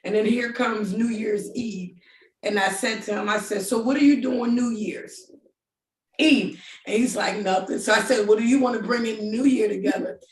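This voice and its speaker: A middle-aged woman telling her story in a casual, animated way, often laughing and acting out what people said. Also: a little high, normal speed, echoey room, far from the mic, slight background noise. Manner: animated, laughing, quoting others in voices.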